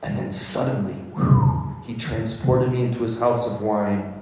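A man's voice: on the low side, moderate pace, darkish tone. A man preaching a sermon as a priest, emphatic and repeating his points, often laughing. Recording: echoey hall from far off.

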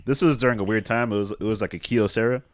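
Man, lowish voice, dry close sound, relaxed movie chat. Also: quick pace, no echo. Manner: relaxed, chatty, reads from his notes. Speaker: co-host. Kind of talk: casual movie recap chat.

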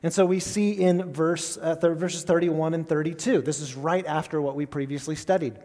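A man's voice: on the high side, steady tone, normal speed, few pauses, mellow. A man preaching in a conversational, lightly raised voice, throwing questions out to the congregation and restarting his phrases as he goes. His words ring out with a long reverb from a church hall. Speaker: pastor. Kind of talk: sermon.

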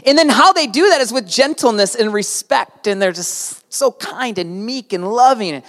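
A man preaching a sermon in a church hall, telling stories in a lively way, quoting others and playing with words. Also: extremely high pitch, normal speed, few pauses. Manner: lively storytelling, quotes others, plays with words.

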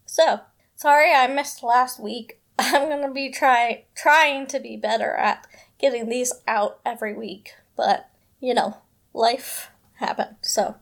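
Brief: woman host, casual chat, rambling with lots of fillers, somewhat high pitch. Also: slow, creaky. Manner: rambling, chatty, many fillers. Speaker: podcast host.

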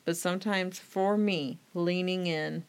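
A woman's voice: lowish voice, steady tone, a little slow, clear, resonant tone. Reflective woman co-hosting a faith podcast. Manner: reflective, confessional. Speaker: podcast co-host. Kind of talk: casual faith podcast chat.

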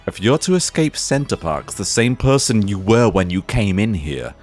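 A game master narrates a comic tabletop game in a dry, mock-dramatic way. His low voice swoops through a lively, animated pitch, and faint music plays under it. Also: moderate pace.

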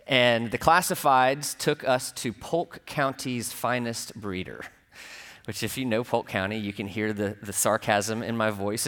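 A man preaching a sermon in a church, telling a personal story in a relaxed, conversational way with dry humor. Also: lowish voice. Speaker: pastor. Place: church sanctuary. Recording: long hall reverb.

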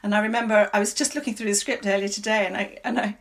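A woman, a stage actress, talks through her work in a reflective, halting manner. She pauses, circles back and restarts phrases as she thinks. Her voice sits at an everyday middle pitch for a woman. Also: fairly even intonation, fairly bright tone. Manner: thoughtful, halting, many restarts. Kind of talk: interview answers.

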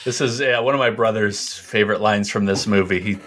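A man's voice: lowish voice, fairly even intonation, a little fast, a bit bright. A man co-hosting a casual movie podcast, laughing often and quoting lines. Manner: laughs often, quotes lines in put-on voices. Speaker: podcast co-host.

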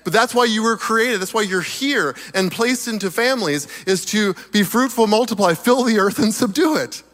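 In a large hall whose long reverb carries his voice, a high-pitched, slightly hoarse preacher delivers an animated sermon at normal speed, with chuckles in between points.

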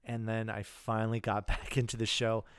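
Podcast guy, smooth clear voice, dry close sound, lots of ums and uhs. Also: lowish voice, completely flat delivery, dry recording. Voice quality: halting, full of fillers. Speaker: podcast co-host. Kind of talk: casual chat.

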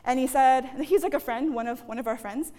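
Female preacher, conversational sermon, high pitch, reverberant hall. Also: a little fast, warm tone. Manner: chatty, frequent "okay?" and "guys". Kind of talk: sermon with personal story.

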